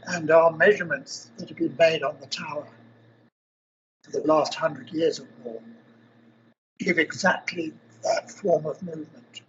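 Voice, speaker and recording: An older man from South Africa, interviewed in a university lab, explaining technical ideas step by step in a measured way. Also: fairly high pitch, a bit bright, dull audio, a little hiss or hum. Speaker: interviewee, engineering professor.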